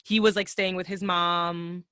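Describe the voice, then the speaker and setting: Chatty woman podcast host, bright sharp voice, super dry close mic, rambles w lots of likes. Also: lowish voice, little pitch movement, a little slow, clean tone, no echo. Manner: rambling, slangy, lots of fillers. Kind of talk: casual podcast chat.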